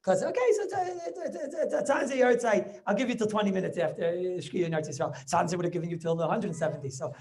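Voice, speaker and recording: A rabbi in rapid flow, delivering a Talmud class over a video call. He talks quickly, doubles back on his words, and keeps pressing his listeners with quick questions to see if they follow. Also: high-pitched, expressive, a little mellow. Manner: repeats words and restarts as he goes. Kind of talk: Talmud lecture.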